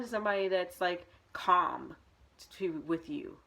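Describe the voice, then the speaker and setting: A woman's voice: lowish voice, measured pace, gravelly, pushed and bright. A young woman vlogging, telling a personal story in a candid, rambling way with many fillers and restarts.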